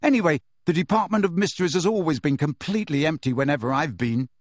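A man's voice: on the high side, fast, no echo, clean studio sound, voice pushed up, close to an everyday voice. A man reading aloud and voicing an agitated teenage wizard boy who talks urgently and defensively.

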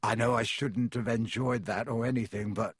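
A man's voice: medium pitch, fairly even intonation, normal speed, husky, dry recording, studio quality, voice pushed down, natural voice. A man voicing a blunt, cheeky schoolboy. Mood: casual.

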